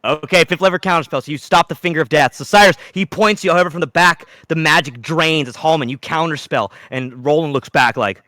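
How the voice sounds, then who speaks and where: Man, game master, dramatic tabletop narration, bright tense voice, dry close sound. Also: a little high, fairly quick, few pauses, no room sound. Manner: animated, dramatic storytelling with sudden loud outbursts.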